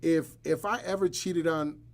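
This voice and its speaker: A man's voice: a little high, moderate pace, gravelly. A man hosting a live podcast, chatting casually and bluntly with joking asides. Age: adult, married. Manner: blunt, joking, animated storytelling. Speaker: podcast host.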